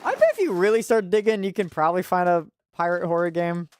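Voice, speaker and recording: A man's voice: high voice, expressive, quick pace, smooth, no room sound. A young man giving casual, laid-back commentary while playing a video game, laughing often and tripping over words, recorded on a desk mic. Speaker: gaming channel host. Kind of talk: casual let's-play commentary.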